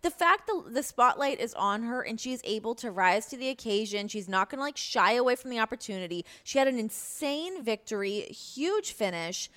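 A woman hosting a casual podcast chat, animated and laughing often. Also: fairly high pitch, moderate pace, hardly any pauses. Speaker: podcast host.

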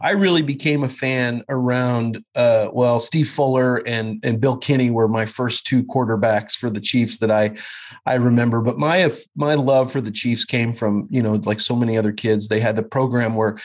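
A man's voice: mid-range voice, steady tone, moderate pace. A man in his fifties, a guest actor, chatting casually and reminiscing with many fillers and restarts. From Kansas City area. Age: 50s. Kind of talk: casual conversation.

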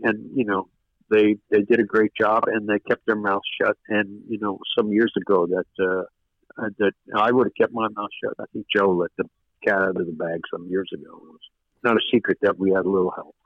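A man's voice: lowish voice, little pitch movement, a little fast, no echo. An older man, a record producer, telling stories in an interview, rambling with many fillers and restarts. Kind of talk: casual interview storytelling. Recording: dull lo-fi radio sound.

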